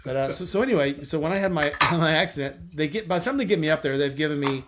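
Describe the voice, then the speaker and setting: A man's voice: on the high side, fast talker, very noisy. A man hosting a casual chat with friends, telling a long rambling anecdote full of quoted dialogue and restarts. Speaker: host.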